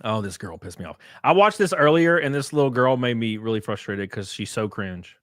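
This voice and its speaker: A man's voice: mid-range voice, expressive, brisk, dry recording, clean studio sound. A man hosting a live reaction stream, teasing and cursing at his chat in a brash, joking way.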